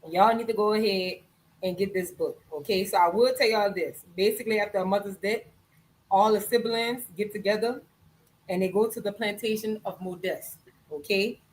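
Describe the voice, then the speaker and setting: A woman's voice: medium pitch, steady tone, moderate pace, a little hiss or hum, rough recording. Woman hosting a live chat. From Louisiana. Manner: loose, swearing, talks straight to viewers. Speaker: podcast host. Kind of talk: casual live-stream chat, book recommendation.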